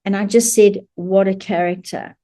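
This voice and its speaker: A woman speaking to camera in a mellow, warm voice at a middle pitch. She is an animal communicator, and she tells her story in a chatty, amused way, often breaking into laughter. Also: steady tone, moderate pace.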